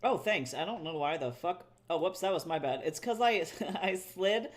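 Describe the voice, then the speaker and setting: A man's voice: sits high, animated, normal speed, hardly any pauses. Chatty, foul-mouthed young man streaming. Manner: loose and chatty, swears freely, self-deprecating, laughs easily. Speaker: artist live-streaming, reading chat. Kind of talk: casual live-stream chat.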